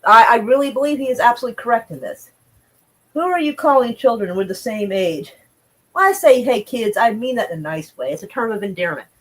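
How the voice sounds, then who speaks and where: A woman's voice: on the high side, fast talker, poor audio. Blunt, profane woman streamer. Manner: profane, blunt, chatty, greets viewers. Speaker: streamer reading news. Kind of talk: casual live-stream commentary.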